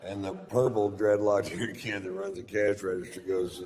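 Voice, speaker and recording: A middle-aged man, doing a stand-up set with drawling, deadpan storytelling and crude punchlines. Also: low voice, moderate pace, hardly any pauses. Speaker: stand-up comedian. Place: large theater stage with audience laughter. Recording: live hall recording with long reverb and audience noise.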